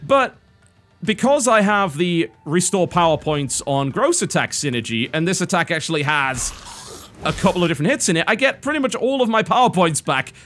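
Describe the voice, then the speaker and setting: A British man talks over gameplay in a dry, sardonic tone, poking fun at himself. His pitch swings widely as he goes, and faint game music sits under the voice-over. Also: lively intonation, moderate pace, fairly bright tone. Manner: dry, sardonic, self-mocking. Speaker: game reviewer.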